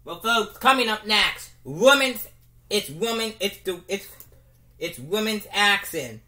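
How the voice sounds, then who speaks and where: A commentator calling a home-made toy wrestling show, with halting restarts and bursts of excitement. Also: mid-range voice.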